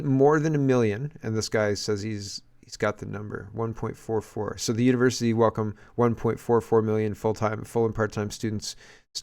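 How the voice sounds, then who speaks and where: A man's voice: medium pitch, a little mellow. A man from Canada hosting political commentary, reading posts aloud and reacting in a casual, conversational way with frequent restarts.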